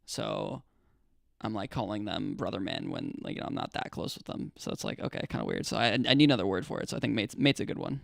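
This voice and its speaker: A man's voice: lowish voice, very animated, quick pace, vocal fry, no room sound, studio quality. A young American man chatting casually with viewers on his live stream, laid-back and rambling, with lots of fillers and restarts. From United States. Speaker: livestreamer.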